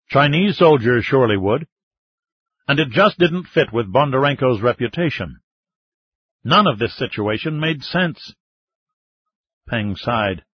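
A man narrating a novel in a steady, measured way. His mid-pitched voice has a husky grain. The recording is close and dry, with a slightly muffled, dull tone. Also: dry recording. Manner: steady, even storytelling. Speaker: audiobook narrator. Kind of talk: scripted narration.

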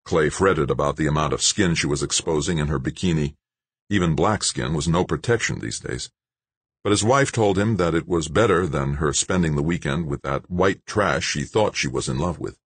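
A man narrating a thriller audiobook in a steady, measured voice. His tone sits very low with a husky grain. The recording is dry, with no room sound. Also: no room sound.

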